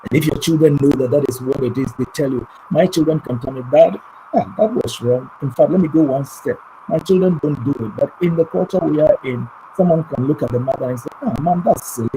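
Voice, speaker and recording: A man's voice: fairly high pitch, fast, hardly any pauses, a little hiss or hum, poor audio. A middle-aged man from Ghana, a pastor, talking earnestly on a family talk show and jumping into livelier voices when he quotes others. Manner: earnest, preacherly, animated when quoting others.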